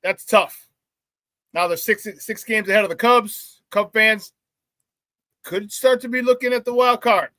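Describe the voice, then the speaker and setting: A man hosting a live sports talk show, hyped and loud, with casual slangy banter as he reads out chat shout-outs. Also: sits high, fairly even intonation, unhurried, pauses often, no room sound.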